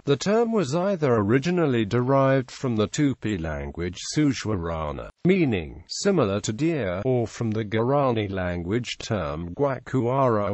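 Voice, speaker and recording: A man's voice: medium pitch, a little mellow, no room sound. A computer-generated man's voice reading an encyclopedia article aloud, pronouncing punctuation marks and mangling foreign words. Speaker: narrator.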